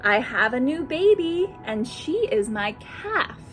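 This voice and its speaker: A gentle mother giraffe from a storybook tells a riddle about herself, as a woman reads her aloud. She speaks softly and slowly in a high voice. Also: big pitch swings, soft background music, exaggerated voice.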